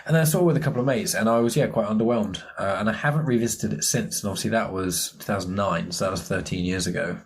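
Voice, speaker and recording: A man hosting a podcast, talking casually and relaxed, often hesitating and restarting. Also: fairly low pitch, quick pace, few pauses, husky. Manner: relaxed, hesitant, lots of fillers. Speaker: podcast host. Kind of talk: casual chat.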